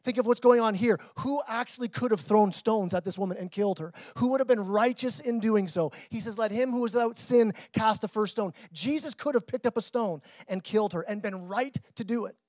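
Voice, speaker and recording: High-voiced man preaching, dry close sound. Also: a little fast, few pauses, darkish tone, no echo. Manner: conversational preaching, repeats words, rises and drops in intensity. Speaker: pastor. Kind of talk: sermon.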